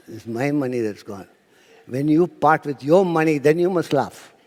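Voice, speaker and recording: A spiritual speaker addresses an audience in a lecture hall, telling stories, acting out quotes, and sometimes dropping to a near-whisper. His voice is fairly high-pitched with a darkish tone and lively intonation, a little slow, and it carries a big-room sound.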